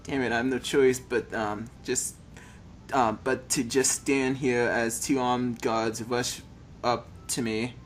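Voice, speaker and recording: A man's voice: mid-range voice, flat delivery, slow pace, faint music behind. A man reading a text adventure game aloud, stumbling over words and adding joking asides.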